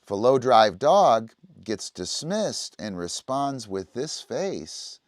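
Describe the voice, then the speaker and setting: A man's voice: mid-range voice, very animated, takes it slowly, dry recording, clean studio sound. A man teaching dog training on a livestream, explaining casually and often checking in with the listener. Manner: conversational, explaining, often asks "right?".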